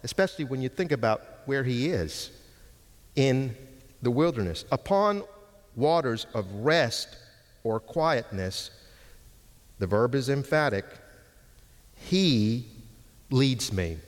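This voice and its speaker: A man's voice: medium pitch, long reverb tail. A man preaching an expository sermon, teaching with emphatic stress on key words.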